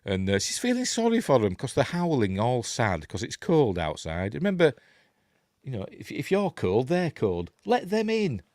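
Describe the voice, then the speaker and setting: A man's voice: medium pitch, huge pitch swings, normal speed, darkish tone, no echo, studio quality. A middle-aged man with a Yorkshire accent hosting a rambling, chuckling film breakdown, going off on tangents as he talks. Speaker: film review host. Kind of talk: casual film commentary.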